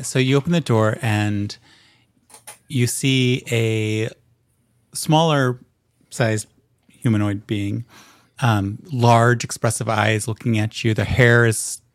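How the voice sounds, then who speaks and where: A man narrating a tabletop game as game master, describing scenes in detail with frequent pauses and ums. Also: mid-range voice, steady tone, no echo, clean studio sound.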